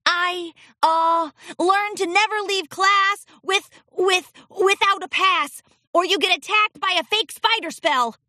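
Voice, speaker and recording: A woman's voice: very high voice, slow pace, sharp tone, dry recording, studio quality, voice pushed up, full character voice. A woman voicing a nervous, stammering little boy unicorn colt in a storybook reading. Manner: stammering, timid.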